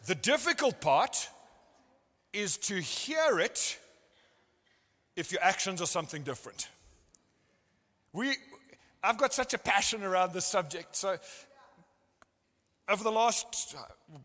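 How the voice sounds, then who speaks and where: Bright-voiced man preaching in a reverberant hall. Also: sits high, sing-song, slow, pauses often. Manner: earnest storytelling, acting out what people said. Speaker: pastor. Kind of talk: sermon. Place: church service.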